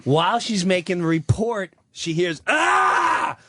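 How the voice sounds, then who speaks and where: A man's voice: on the high side, unhurried, very noisy. A man telling a long personal story on a talk radio show, acting out what other people said. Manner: animated, acts out quoted voices.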